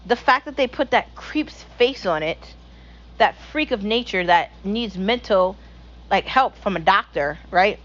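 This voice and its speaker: A woman's voice: mid-range voice, lively intonation, measured pace, fairly bright tone, highs cut off. A young woman hosting her own show, ranting bluntly and profanely in a casual opinion monologue. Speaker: podcast host.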